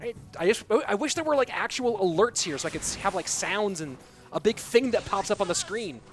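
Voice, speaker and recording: A man casting a live online game tournament, calling plays and chatting with viewers in an excitable way. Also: sits high, fairly quick, soft background music. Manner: excitable, hyped shout-outs to viewers. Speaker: esports caster and streamer. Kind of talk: live game commentary reading chat.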